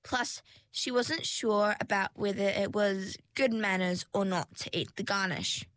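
A woman reading a storybook aloud in a slow, measured way. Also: mid-range voice, fairly bright tone, no echo.

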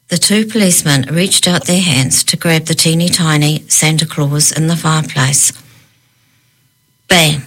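Low-pitched woman storyteller, expressive children's book reading. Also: moderate pace.

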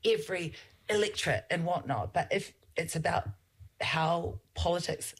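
A woman's voice: on the low side, animated, moderate pace, breathy edge. A middle-aged woman with a New Zealand accent, a politician talking earnestly as a guest in a casual interview, with many fillers.

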